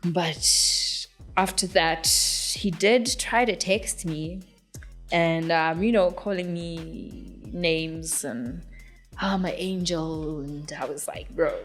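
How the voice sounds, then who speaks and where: A woman's voice: deep voice, slow, fairly bright tone, faint music behind. Chatty, giggly young woman from Zimbabwe. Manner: chatty and giggly, with many fillers. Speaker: singer-songwriter guest. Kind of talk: casual interview answers.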